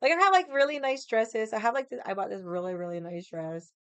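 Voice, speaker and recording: A woman with a raspy voice from losing it, telling a casual story with lots of fillers, acted quotes and loud laughs. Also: on the high side, a little fast, no echo. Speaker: vlogger.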